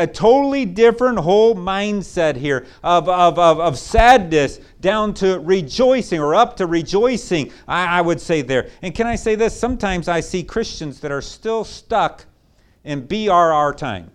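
A man preaching a sermon as pastor, swinging between loud, excited bursts and hushed, low asides. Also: a little slow, clear, resonant tone.

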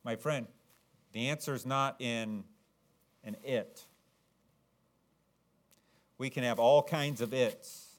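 A man preaching a sermon, swinging from low, earnest tones to loud, dramatic, acted-out shouts. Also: slow pace, long pauses.

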